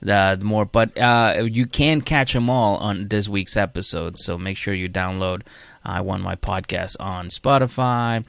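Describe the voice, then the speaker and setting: A man's voice: on the low side, unhurried, creaky, a bit bright, clean tone, dry recording. A man co-hosting a casual comedy podcast, rambling with restarts and acting out quotes. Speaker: podcast co-host. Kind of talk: casual chat.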